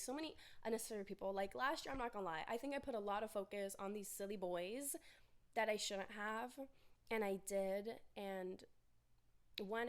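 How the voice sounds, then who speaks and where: Chatty young woman podcasting solo. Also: mid-range voice. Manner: chatty, animated, laughs often, acts out her own inner voice. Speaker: podcast host. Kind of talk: casual solo podcast chat.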